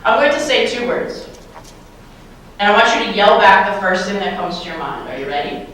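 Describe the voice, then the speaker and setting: A woman's voice: mid-range voice, normal speed, fairly bright tone. A woman giving a motivational keynote to a live audience, playful and full of questions to the crowd. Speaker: keynote speaker. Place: large hall, live audience. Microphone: handheld microphone. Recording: very echoey hall, mic from far off.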